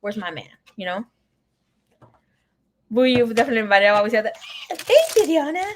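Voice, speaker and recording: A woman's voice: fairly high pitch, lively intonation, a little fast, a little hiss or hum. A woman giving a casual live tarot reading, chatting and telling stories to viewers she calls by name. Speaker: tarot reader.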